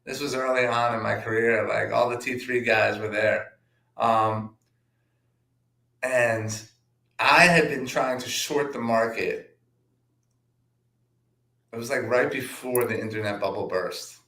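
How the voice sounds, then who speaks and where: A man, a trader, telling stories from his career in a relaxed anecdotal way, with plenty of "um" and "like". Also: mid-range voice, slow, long pauses. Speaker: trader and guest. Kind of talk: casual storytelling. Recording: roomy echo.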